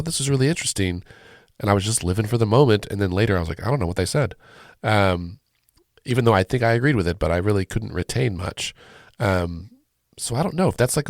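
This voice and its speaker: A man's voice: on the low side, dry recording, clean studio sound. A male podcast host with a nasal, congested voice from a sinus cold, talking through the week's news in a casual, wry way with frequent ums. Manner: conversational, wry, sprinkled with ums. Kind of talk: casual solo commentary.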